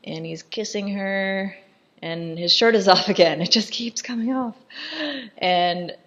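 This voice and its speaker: A woman giving casual, irreverent commentary over a film, chatty and quick to laugh. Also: medium pitch, fairly bright tone, dull audio.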